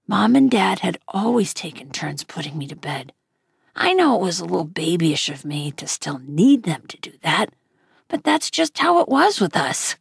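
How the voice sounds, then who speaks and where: A woman reading a novel aloud in an unhurried, even storytelling manner. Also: on the low side, creaky, husky, no echo, clean studio sound. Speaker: reader.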